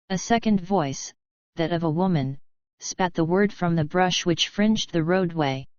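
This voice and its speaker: A woman narrating an audiobook in a measured, even reading. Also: on the low side, dry recording, highs cut off. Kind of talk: scripted narration.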